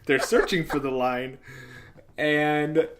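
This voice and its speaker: A man's voice: a little high, fairly even intonation, takes it slowly, noisy background. A man co-hosting a podcast, giving wry, laughing commentary on a movie. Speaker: podcast co-host. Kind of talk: casual movie recap chat.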